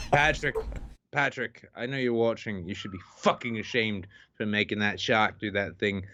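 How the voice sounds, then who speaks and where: A man's voice: lowish voice, normal speed, bright, forceful tone, slight background noise. A man co-hosting a live-streamed podcast, joking crudely and putting on mocking voices. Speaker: podcast co-host. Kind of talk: crude comedic livestream chat.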